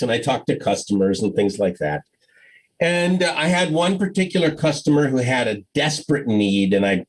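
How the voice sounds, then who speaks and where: An older man with a medium-pitched voice delivers a conference keynote, heard through poor audio. He tells animated stories and acts out the voices of the people in them.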